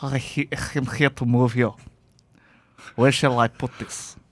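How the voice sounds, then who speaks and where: A man's voice: medium pitch, flat delivery, a little slow, dry recording, studio quality, natural voice. A man putting on a Russian accent to voice a polite, formal male mover with stiff, broken phrasing.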